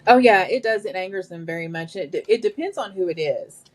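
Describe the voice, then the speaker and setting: A woman's voice: mid-range voice, fairly quick. A woman guest telling work stories in casual conversation, quoting the people involved as she goes. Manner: animated, quotes people in their own voices. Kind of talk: conversational storytelling.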